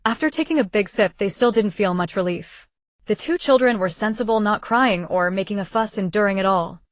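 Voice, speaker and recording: Woman with an even storybook narration. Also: medium pitch, brisk, no room sound. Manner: even, steady reading of a translated web novel, with slips in pronouns. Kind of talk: scripted audiobook narration.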